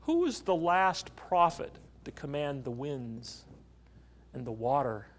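A man's voice: mid-range voice, lively intonation, slow. A man preaching a sermon, telling a story and asking the congregation questions. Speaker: pastor.

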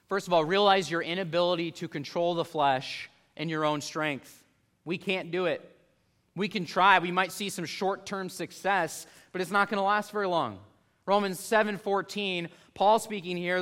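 A pastor in his thirties preaching a sermon earnestly, rising in force at key points and slowing down to read scripture. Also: on the high side, sharp tone.

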